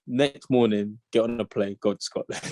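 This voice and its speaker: A young man telling a story as an interview guest, animated and full of slang, acting out the lines of the people in it. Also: mid-range voice, no room sound. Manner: animated slang-heavy storytelling, acts out quotes. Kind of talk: casual storytelling chat.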